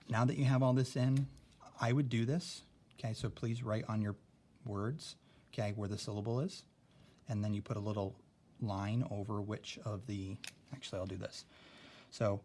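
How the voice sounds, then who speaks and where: A man's voice: fairly low pitch, a little mellow, slight background noise. A man teaching a classroom spelling lesson, explaining step by step and often checking in with "okay?".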